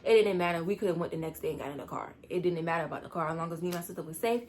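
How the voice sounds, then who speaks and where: A teenage girl telling a storytime vlog, rushed and rambling as she tries to calm down. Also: fairly low pitch. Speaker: vlogger.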